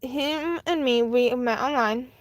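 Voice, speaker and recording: Rambling woman with a slightly high voice. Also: takes it slowly, no room sound. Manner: rambling, lots of fillers and restarts; chatty and candid. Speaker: live-stream host. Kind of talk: casual live-stream storytime.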